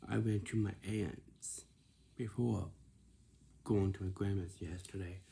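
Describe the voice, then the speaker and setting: A man's voice: deep voice, fairly even intonation, takes it slowly, gravelly, dark tone, a little hiss or hum. A man telling a casual, rambling story, often stopping to repeat and correct himself.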